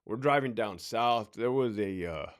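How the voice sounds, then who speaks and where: Man telling an emotional story. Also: lowish voice. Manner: emotional, halting, with repeated phrases and sighs. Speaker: podcast host telling a personal story. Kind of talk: casual personal storytelling.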